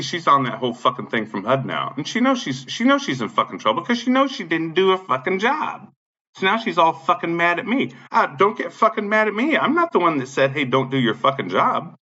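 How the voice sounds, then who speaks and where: A man's voice: on the high side, bright, forceful tone. A man in an angry, profane rant, agitated, repeating himself and swearing constantly. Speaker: vlogger. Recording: dull lo-fi sound.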